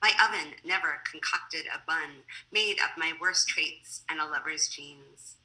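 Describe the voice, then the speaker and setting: A woman poet reads her work over a video call in a measured, deliberate way, her lowish voice carrying a bright, cutting edge. Between poems she turns chatty and laughs easily. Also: rough recording. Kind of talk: poetry reading with casual asides.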